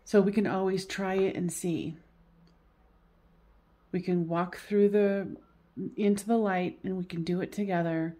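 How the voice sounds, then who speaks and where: A woman talking as a psychic medium through a solo reading, halting and repeating phrases, soothing and coaxing as she goes. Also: mid-range voice, fairly even intonation, warm tone.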